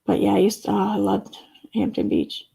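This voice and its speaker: A middle-aged woman speaks as she hosts a relaxed live stream. She reads viewer comments aloud and chats about them, laughing often. Her voice has a gravelly fry at a middling pitch. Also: fairly quick. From Central New York. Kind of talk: casual live stream chat reading comments.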